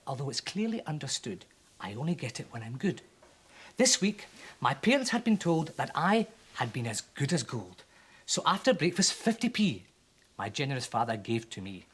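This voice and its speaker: A children's TV presenter reading a comic poem aloud for children with animated, dramatic delivery. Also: mid-range voice, moderate pace, breathy edge. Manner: animated, with voices for the characters.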